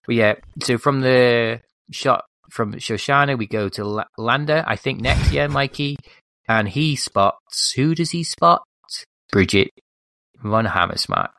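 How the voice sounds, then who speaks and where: A podcast co-host steering a film chat, often tossing questions to the others. The voice sits at a middle pitch with a dry, close sound. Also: unhurried, a bit bright, no echo. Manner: leading, prompting others with questions. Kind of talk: casual film discussion.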